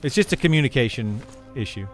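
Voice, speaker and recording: A man's voice: mid-range voice, expressive, fast. A man streaming live, chatting casually and rambling, often repeating words and restarting sentences as he explains himself to his chat. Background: faint music.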